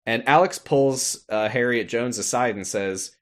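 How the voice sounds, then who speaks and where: A man co-hosting a podcast, recapping a story in casual chat, animated and playful. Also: medium pitch, measured pace. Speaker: podcast co-host.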